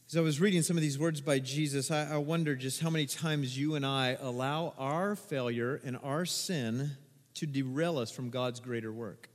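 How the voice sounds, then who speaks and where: A male pastor preaching a sermon, moving from loud, emphatic bursts to quiet, low asides. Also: moderate pace, in a large hall. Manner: dynamic, swings between loud emphatic and quiet. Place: church sanctuary.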